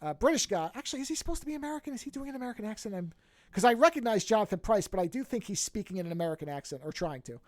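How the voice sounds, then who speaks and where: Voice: medium pitch, very fast, no echo. A podcast host casually recapping a TV series, telling it with energy and acting out the characters' lines, often restarting and correcting mid-sentence. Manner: animated storytelling, acts out characters' lines.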